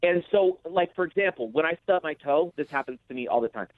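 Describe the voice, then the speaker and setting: A man's voice: a little high, brisk. Upbeat man on a tinny phone-like line. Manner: energetic storytelling, acts out his own reactions. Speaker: guest. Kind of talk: podcast conversation.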